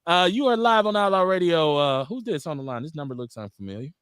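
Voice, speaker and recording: A middle-aged man hosting a live talk radio show, telling stories and acting out quotes in a casual, animated way. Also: on the high side, quick pace, clear, resonant tone, no echo, studio quality. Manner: animated storytelling, acts out quotes.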